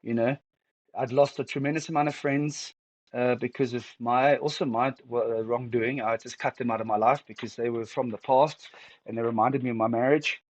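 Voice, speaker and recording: A middle-aged man opens up in an interview, his voice heavy and close to tears. He talks in halting bursts, restarting sentences as feelings catch up with him. The sound is dry and close, with almost no room around it. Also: mid-range voice, steady tone, no room sound, highs cut off. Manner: halting, emotional, with many restarts. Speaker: guest. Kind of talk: candid personal interview.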